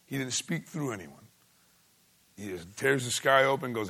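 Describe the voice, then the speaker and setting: A man preaching a sermon in a folksy way, swinging between loud exclaiming and hushed asides. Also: mid-range voice, expressive, moderate pace, gravelly, husky. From United States.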